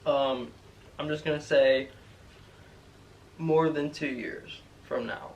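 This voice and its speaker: A man's voice: mid-range voice, steady tone, slow pace, distant mic, highs cut off. Hesitant young man, slightly off-mic. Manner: hesitant, many "um"s, soft-spoken. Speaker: boyfriend, co-host. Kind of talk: casual couples Q&A chat.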